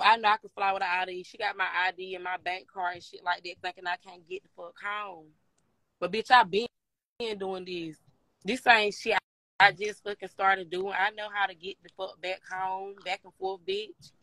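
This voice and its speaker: A woman's voice: mid-range voice, fairly even intonation, moderate pace, bright, forceful tone, dry recording, rough recording. Heated, foul-mouthed woman telling a story. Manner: blunt, heated, swears constantly. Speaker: storyteller recounting a fight. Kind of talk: casual profane storytelling.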